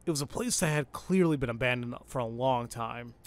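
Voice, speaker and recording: Excitable man reading a game aloud. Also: medium pitch, a little fast. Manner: excitable, swears and exclaims at the game. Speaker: let's play host. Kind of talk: reading a visual novel aloud with commentary.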